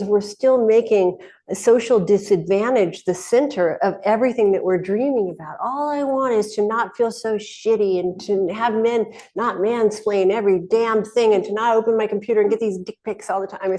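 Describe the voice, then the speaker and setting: A woman's voice: medium pitch, darkish tone. A middle-aged woman hosting a casual spoken teaching talk, rambling along with frequent restarts and laughs. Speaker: host.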